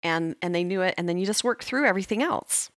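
A woman's voice: lowish voice, lively intonation, fast, no room sound. Woman host, middle-aged; reflective and encouraging, dry close-up sound. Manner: warmly affirming, reflective. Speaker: podcast host. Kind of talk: casual interview.

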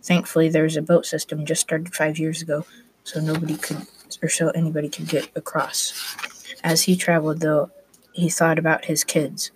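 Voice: medium pitch, completely flat delivery, normal speed, noisy background. A student narrating a class story aloud, reading plainly with small restarts.

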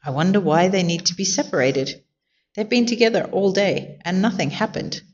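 A woman's voice: medium pitch, lively intonation, moderate pace, a little mellow, muffled recording, natural voice. A woman voicing a cheerful, literal-minded housekeeper with folksy, plain-spoken talk in a storybook. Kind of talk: storybook character voice.

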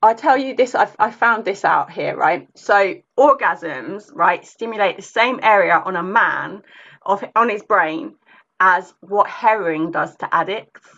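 A woman's voice: medium pitch, animated, a bit bright, highs cut off. A woman from England, a coach, co-hosting a casual podcast, laughing and sometimes restarting her sentences. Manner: unhurried, laughing, with hesitant restarts.

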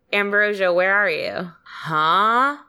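A young woman co-hosting a podcast, talking in a bubbly, quick, giggly way. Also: mid-range voice, huge pitch swings, bright, forceful tone, clean tone. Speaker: podcast co-host. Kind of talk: casual podcast chat.

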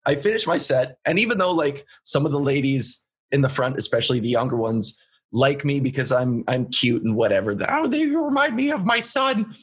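A man's voice: mid-range voice, fairly quick, husky. A young man from Canada, a comedian guest telling a story in casual chat, laid-back and laughing often.

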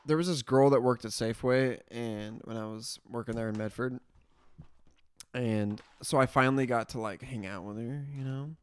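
A young man co-hosting a casual podcast, bantering with quick teasing asides and casual swearing. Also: medium pitch, clear, resonant tone. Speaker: podcast co-host. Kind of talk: casual chat.

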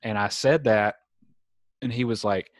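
In a dry recording, a young adult podcast host with a Southern accent speaks unhurriedly in a fairly low voice. He's chatting casually at home in San Diego, spinning stories with many "like" fillers.

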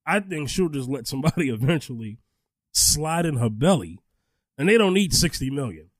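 An animated man hosts a casual commentary show, joking as he goes. His voice is a little raised and moves around a lot in pitch, and it sounds dry and close. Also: normal speed, no echo. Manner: animated, joking, playing clips. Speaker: host.

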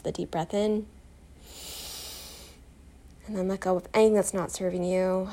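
A woman guiding a self-compassion meditation, soft, calm and encouraging, telling a short personal story. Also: medium pitch, brisk, long pauses. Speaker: meditation guide.

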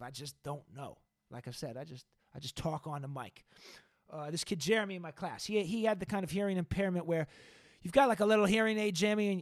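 A man's voice: fairly high pitch, no room sound, clean studio sound. A young man hosting a podcast, talking in a rambling, profane, slangy monologue with his ears clogged. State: ears clogged, unsure of own loudness. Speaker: podcast and radio host. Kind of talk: casual monologue.

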